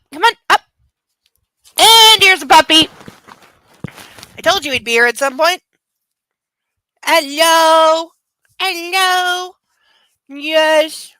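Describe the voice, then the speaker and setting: A woman's voice: medium pitch, bright, forceful tone, no echo. A woman streaming from home, chatting casually in a rambling way and talking fondly to her dog. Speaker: streamer reading aloud to chat. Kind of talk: casual livestream chat.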